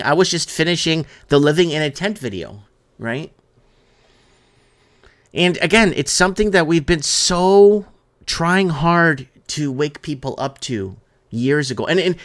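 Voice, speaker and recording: A man hosts a live-stream talk show at a middle pitch. His delivery is loose and rambling, and he keeps restating the same point to drive it home. He reads out viewer comments between his own remarks. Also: a bit bright.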